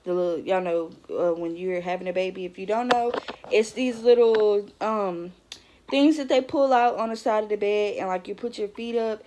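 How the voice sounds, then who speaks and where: A woman's voice: medium pitch, fairly even intonation, moderate pace, mellow, slight background noise. A young woman, telling her own story to the camera in a chatty vlog, with lots of fillers and asides to viewers. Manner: chatty, many fillers, talks straight to viewers. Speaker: vlogger.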